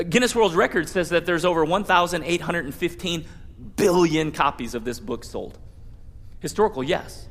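Animated high-voiced male preacher, echoing hall. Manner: conversational, animated preaching with mock prayers and rhetorical questions. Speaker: pastor. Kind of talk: sermon. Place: church sanctuary.

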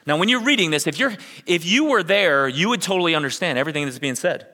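A middle-aged man from Ohio, a pastor preaching a sermon, telling personal stories in a conversational way that builds to energetic emphasis. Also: on the high side, quick pace, big-room sound.

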